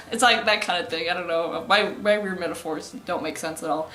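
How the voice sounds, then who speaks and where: A woman's voice: lowish voice, normal speed, pushed and bright, reverberant, soft background music. A young woman casually recapping an anime plot, rambling and giggly, with lots of fillers. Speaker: anime vlogger.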